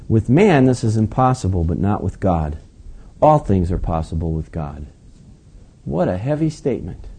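A man's voice: mid-range voice, dark tone, husky. A man preaching a sermon in a conversational, folksy way, with joking asides to his congregation. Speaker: pastor.

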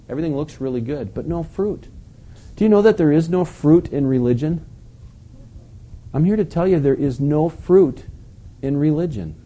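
A man's voice: a little high, dark tone, husky. A man preaching a sermon in a conversational, questioning way, stressing his points with emphasis.

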